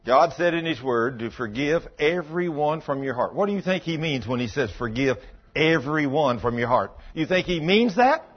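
A man's voice: fairly high pitch, expressive, normal speed, breathy edge, dull audio. A man preaching a sermon in a folksy storytelling way, acting out both sides of past conversations. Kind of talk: sermon with acted-out dialogue.

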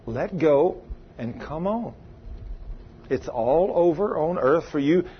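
A man voicing a soothing, tempting spirit that calls a dying man, slow and hushed. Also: on the high side, expressive, highs cut off, a little hiss or hum. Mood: hushed coaxing.

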